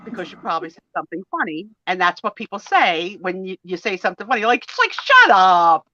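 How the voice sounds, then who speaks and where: A woman in her sixties chatting casually on a live stream, an animated storyteller who acts out the voices in her stories. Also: fairly low pitch, quick pace, no echo, highs cut off. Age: 60s. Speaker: co-host of a live sale and chat stream. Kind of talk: casual chat.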